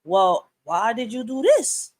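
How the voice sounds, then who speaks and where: Woman live-stream host, emphatic and blunt, fairly high voice, dry close sound. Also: very animated, slow, dry recording. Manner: emphatic, blunt, rising to loud outbursts. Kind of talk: passionate live-stream commentary.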